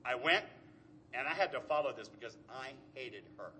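A man's voice: medium pitch, expressive, moderate pace, bright, forceful tone, slight background noise. A middle-aged man giving an earnest, emotional personal recovery share. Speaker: speaker at a recovery meeting.

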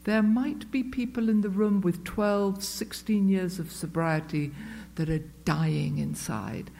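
A woman's voice: mid-range voice, steady tone, slow, creaky, warm tone. A woman sharing a personal story with a group at a meeting, chatty and self-mocking, with many fillers and restarts. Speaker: speaker sharing at a recovery meeting. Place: meeting room with a live audience.

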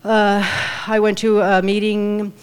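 A middle-aged woman, nervous about public speaking, sharing her recovery story with many pauses, ums and uhs. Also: mid-range voice, completely flat delivery, clear, resonant tone. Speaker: meeting speaker. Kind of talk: personal recovery share.

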